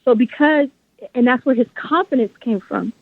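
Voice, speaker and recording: Her voice is a little high and gravelly, moving at normal speed with no echo on the dry phone-line audio. She's a guest author being interviewed, speaking passionately, emphatically, and from deep religious conviction.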